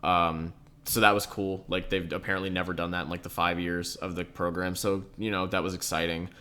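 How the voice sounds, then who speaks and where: A man's voice: deep voice, little pitch movement, a little fast, pushed and bright, clear, resonant tone. A young man co-hosting a podcast, chatting casually and rambling, with "like" in almost every phrase and casual swearing. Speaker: podcast co-host. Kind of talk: casual chat.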